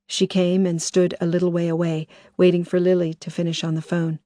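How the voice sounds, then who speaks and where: Woman audiobook narrator, measured, fairly low voice, dry studio sound. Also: little pitch movement, warm tone, no room sound. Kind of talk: scripted narration.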